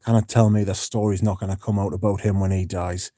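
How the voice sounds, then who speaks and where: A man's voice: sits low, level tone, quick pace, mellow, dry recording, clean studio sound. A man hosting a casual livestream, talking bluntly and swearing freely as he reads out and answers viewer comments. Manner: blunt and profane. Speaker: livestream host.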